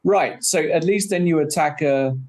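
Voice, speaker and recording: A man with a fairly high voice coaches his partner through chess puzzles. He asks leading questions and nudges him toward the answer in an easy, conversational way. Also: moderate pace, darkish tone. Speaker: chess trainer and co-host. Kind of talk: casual coaching chat.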